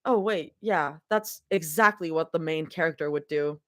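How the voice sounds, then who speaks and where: A woman's voice: low voice, moderate pace. A woman doing a live reading of a fan story, breaking off for chatty, giggly asides. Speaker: livestream reader.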